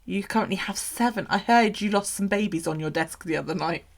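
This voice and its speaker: A woman's voice: mid-range voice, a little fast. A woman chatting casually on a home livestream. She swears freely and coos at her pets.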